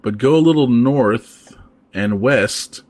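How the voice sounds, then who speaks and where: A man hosting a casual podcast chat, talking in a relaxed, rambling way with plenty of fillers. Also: medium pitch, slow, no room sound. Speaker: podcast host.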